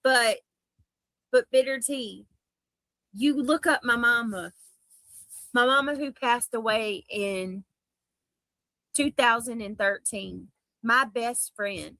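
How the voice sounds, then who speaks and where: A woman's voice: a little high, takes it slowly, pauses often, sharp tone, no echo. A woman livestreamer in a played clip, talking in an emotional, dramatic, pleading way.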